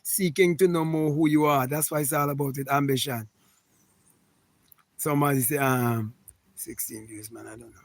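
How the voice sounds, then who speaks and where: A man's voice: medium pitch, steady tone, normal speed, creaky, long pauses, dry recording. A man hosting a spiritual talk, reading viewer comments and answering them in an emphatic, repetitive, preachy way.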